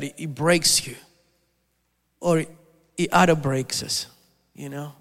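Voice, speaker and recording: A man preaching a sermon, telling a story with many halting restarts and repeated words. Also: a little high, gravelly, big-room sound.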